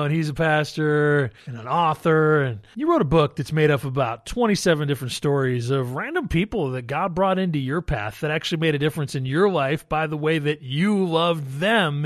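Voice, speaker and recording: A man hosting a radio interview, introducing his guest in a measured way. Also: a little high, no echo, clean studio sound. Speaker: radio host.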